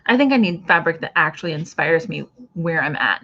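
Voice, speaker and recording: A woman's voice: low voice, animated, a little fast, pushed and bright, dull audio. A woman hosting a casual craft livestream, chatting with viewers and reading out their comments as she goes. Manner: chatty, reads out viewer comments, trails off and restarts.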